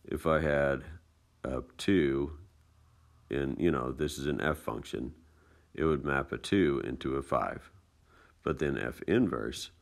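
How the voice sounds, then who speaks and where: A man teaching math in a casual screencast lesson, explaining steps in a relaxed, chatty way with folksy asides. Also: extremely low pitch, vocal fry. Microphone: tablet screencast mic.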